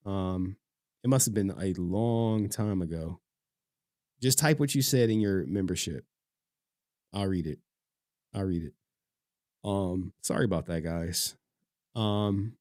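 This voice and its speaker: A man's voice: fairly low pitch, darkish tone, dry recording, clean studio sound. A man hosting a livestream, chatting loosely with his audience, swearing and getting emotional as he reads their messages. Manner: loose, profane, emotional, reads chat aloud. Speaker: livestream host. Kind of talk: casual livestream chat.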